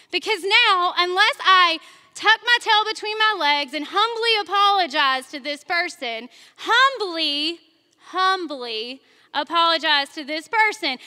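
A woman's voice: extremely high pitch, sharp tone. A woman preacher giving a sermon in a church, telling stories in a chatty way, speaking straight to the congregation and laughing at herself. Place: church sanctuary. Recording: long reverb of a large church hall.

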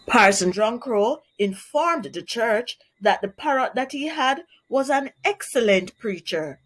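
Slow-spoken Jamaican woman teacher. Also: a little high. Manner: slow, clear, explanatory. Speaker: primary school teacher. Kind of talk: children's read-aloud and vocabulary lesson.

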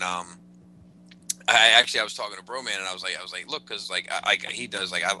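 Brief: male podcast co-host, quick and rambling, sharp bright tone, faint hum behind. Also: low voice, poor audio. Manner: rambling, repeats words, lots of fillers. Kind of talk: casual chat.

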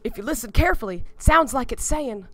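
A woman voicing panicked male ghost-hunting truckers in a put-on Southern US accent, loud and frantic. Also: on the high side, lively intonation, quick pace.

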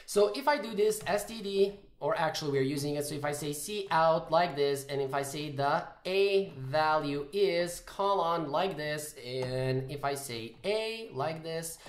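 A man's voice: on the high side, a little slow, hardly any pauses. A man giving a casual coding tutorial, thinking aloud and correcting himself as he types. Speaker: programming tutor. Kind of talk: screen-recorded coding tutorial. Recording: roomy echoey room.

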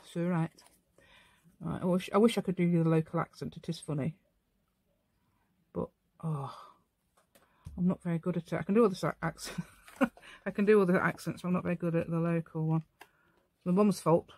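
A woman's voice: on the low side, a little fast, a little mellow, husky, no room sound. A tired, middle-aged woman hosting a casual crafting tutorial, chatting and rambling to herself as she works at home. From England. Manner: rambling, chatty, talks to herself while working. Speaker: craft channel host.

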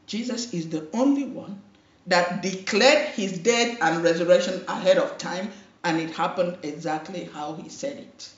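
A woman's voice: lowish voice, normal speed. A woman pastor preaching a sermon, emphatic and full of repeated phrases and calls for amen. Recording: roomy, distant, dull lo-fi hall recording.

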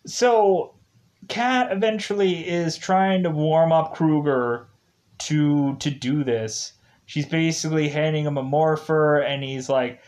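Slow, rambling man reviewing episodes. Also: a little high, fairly even intonation, a little mellow. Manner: rambling, many fillers and restarts. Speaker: show reviewer.

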